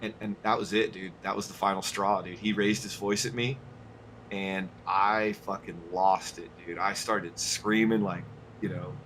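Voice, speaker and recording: Animated, swearing male streamer. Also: on the low side, normal speed, a little hiss or hum. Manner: animated, profane storytelling. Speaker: streamer and host. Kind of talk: casual chat.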